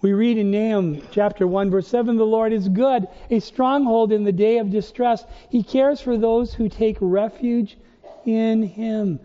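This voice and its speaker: A man's voice: high-pitched, steady tone, measured pace. A man preaching a sermon as pastor, firing rhetorical questions with emphatic rises. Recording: dull, lo-fi recording in a reverberant church hall.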